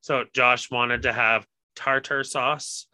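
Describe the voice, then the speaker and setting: A man's voice: medium pitch, fairly even intonation, takes it slowly, bright, forceful tone, dry recording, poor audio. A man co-hosting a podcast, telling anecdotes in casual, profane chat. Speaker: podcast co-host.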